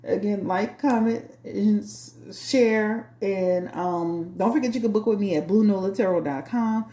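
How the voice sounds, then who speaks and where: A woman's voice: medium pitch, unhurried, mellow, roomy sound. A woman with a New Orleans accent, a tarot reader hosting her channel, chatting bluntly and sassily to a live chat. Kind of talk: casual talk to a live chat.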